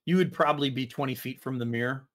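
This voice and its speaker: A man's voice: medium pitch, quick pace. Casual male game master. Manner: casual, rambling with fillers. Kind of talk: narrating a tabletop game.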